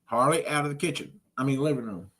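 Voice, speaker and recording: A vlogger filming at home, cooing at a baby and calling to the dogs in a drawn-out, sing-song voice, caught on a handheld phone. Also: medium pitch, animated, a bit bright. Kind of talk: casual home vlog chatter. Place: home, kitchen and living room.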